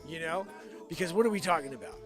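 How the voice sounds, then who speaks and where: A man's voice: fairly high pitch, lively intonation, quick pace, music in the background. A man hosting a live show and rambling jokily, often sliding into impressions. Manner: rambling, jokey, slips into impressions. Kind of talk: improvised comedic livestream rambling.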